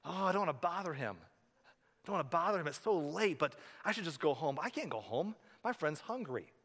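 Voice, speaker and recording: A man's voice: fairly high pitch, big pitch swings, fairly quick, fairly bright tone, slightly rough, full character voice. A preacher voicing a desperate man who begs his neighbor for bread at midnight, pleading and fretful, talking himself in circles. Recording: reverberant hall.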